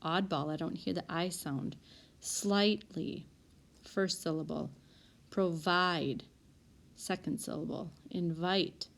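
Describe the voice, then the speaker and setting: Woman teacher, fairly low voice, reads word lists slowly and clearly. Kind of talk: recorded spelling lesson. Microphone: tablet.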